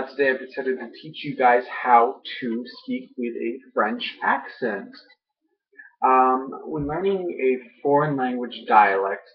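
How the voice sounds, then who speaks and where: A young man vlogging casually, groggy after dental work, rambling with many ums and uhs. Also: medium pitch. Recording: muffled lo-fi home audio.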